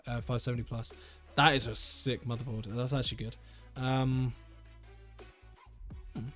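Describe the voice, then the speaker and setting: A young man chatting casually on a live stream, rambling and correcting himself as he browses tech deals at home. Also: medium pitch. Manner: rambling, self-correcting, enthusiastic. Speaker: tech livestreamer.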